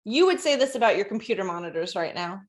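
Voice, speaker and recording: Casting: woman, podcast co-host, playful quizzing tone, relaxed chat. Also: medium pitch, fast talker. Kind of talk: casual chat.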